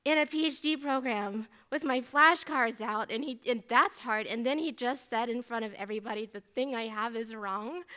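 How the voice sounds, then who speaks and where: A woman in her thirties, a mathematician giving a faith testimony talk, telling her story in an animated, chatty way with many asides. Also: high voice.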